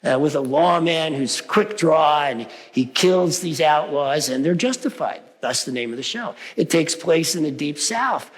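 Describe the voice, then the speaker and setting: A man's voice: fairly high pitch, expressive, measured pace, hardly any pauses. A man preaching a sermon in a conversational way, often checking in with his listeners by asking "right?". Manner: conversational, frequent "right?" asides. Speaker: reverend. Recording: long hall reverb.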